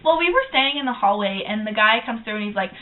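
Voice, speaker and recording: A young woman chatting casually as co-host of a vlog, telling stories quickly with slang and laughter. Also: medium pitch, expressive. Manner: rapid, breathless storytelling with slang and laughs. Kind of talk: casual chat. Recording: tinny phone-like audio.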